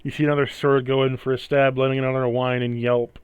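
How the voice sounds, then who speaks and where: A man narrates a tabletop game as game master, drawing out grim scenes slowly for dramatic effect. His voice is smooth and resonant at an ordinary pitch. It sounds dry and close to the mic. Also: level tone, no room sound. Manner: slow, dramatic descriptive narration.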